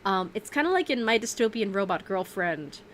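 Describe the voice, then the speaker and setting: A woman's voice: mid-range voice, expressive, fairly quick, fairly bright tone, slight background noise. A woman streaming in a casual, rambling way, full of fillers and self-corrections, laughing often. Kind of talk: casual livestream chat.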